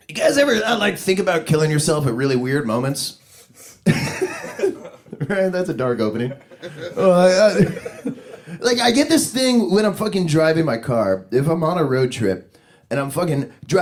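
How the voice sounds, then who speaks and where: A man doing a rambling, profane stand-up comedy set, chuckling at his own jokes. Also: fairly high pitch. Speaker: stand-up comic. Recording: live club recording with crowd noise.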